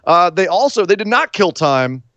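A man co-hosting a casual chat, retelling events blow by blow in an animated way. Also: high-pitched, normal speed, dry recording, lo-fi sound. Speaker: podcast co-host. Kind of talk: casual wrestling recap chat.

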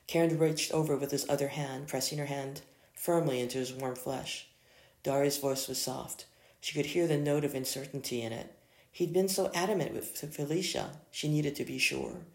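A reader works through a romance story aloud, often stumbling and correcting themself. The voice has steady vocal fry at a middling pitch. It was recorded in an echoey room.

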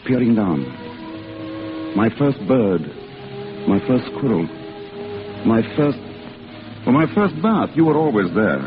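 An actor playing a young man back home who clowns around and then haltingly confesses his love, in 1940s film style. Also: mid-range voice, big pitch swings. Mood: earnest. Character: young man home from service, joking and lovesick. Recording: tinny old film soundtrack with music.

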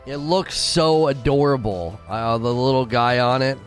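Giggly streamer guy rambling to chat, slow easy talk, faint music in the back. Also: medium pitch. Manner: giggly, laughs often at his own jokes; rambling, with many fillers and restarts. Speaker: game streamer talking to chat. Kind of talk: casual live-stream chat.

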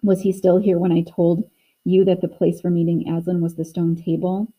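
A woman's voice: on the low side, level tone, normal speed, mellow, close to an everyday voice, poor audio. A woman voicing Mister Beaver, a grave, earnest talking male beaver in a storybook reading. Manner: solemn, warning.

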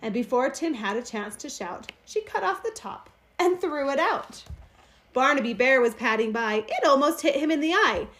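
A woman reading a rhyming children's Christmas picture book aloud in an expressive, sing-song way. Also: sits high, moderate pace. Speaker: storyteller.

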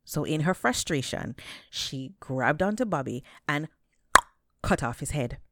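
Lively woman telling folk tales, lowish voice, dry mic, dramatic. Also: heavy background noise. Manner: animated, dramatic, drawn-out words. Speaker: storyteller. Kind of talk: folktale storytelling.

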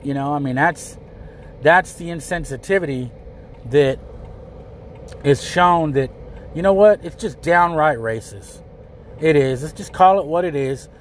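A man's voice: fairly high pitch, a little slow, long pauses, a little hiss or hum. A man hosting his own podcast episode alone, talking bluntly and emphatically, repeating his points and swearing freely. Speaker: podcast host. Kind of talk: solo commentary.

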